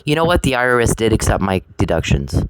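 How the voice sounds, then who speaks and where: A woman's voice: extremely low pitch, very animated, fast, clear, resonant tone, dry recording, rough recording. A woman ranting straight at an adversary in a confrontational, sarcastic, profane way, often repeating herself. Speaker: vlogger addressing an adversary. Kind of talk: angry direct-to-camera rant.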